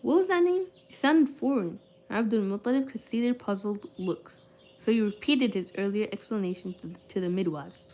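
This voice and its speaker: A young woman, a streamer, reads a book aloud at a middling pitch. She trips over words and restarts often. Between passages she chats loosely with her viewers, filling her talk with "like". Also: expressive, normal speed, mellow. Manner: reads with frequent stumbles and restarts, then chats loosely with many "like"s. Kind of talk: casual book reading and live-stream chat.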